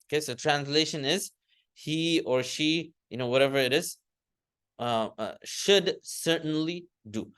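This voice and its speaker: A man's voice: a little high, unhurried, a bit bright, clear, resonant tone. A man teaching an Arabic grammar class in a classroom, explaining step by step, often correcting himself and chanting word forms for students to repeat. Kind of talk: classroom lesson.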